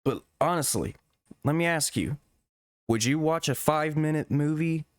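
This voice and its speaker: A man's voice: on the high side, moderate pace, dry recording, clean studio sound. A man giving a profane, exasperated rant as a gaming commentator. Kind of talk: ranting video commentary.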